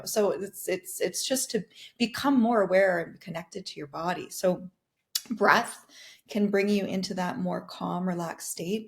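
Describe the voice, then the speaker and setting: A middle-aged woman, a podcast host and wellness coach, explaining self-regulation in an earnest, casual teaching talk, often restarting her words and laughing softly. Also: mid-range voice.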